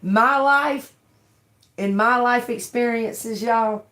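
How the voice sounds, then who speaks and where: A woman's voice: fairly high pitch, takes it slowly, fairly bright tone, roomy sound. A woman telling a story in a blunt, profane, laughing way during a livestream. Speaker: tarot reader livestreaming. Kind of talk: casual storytelling chat.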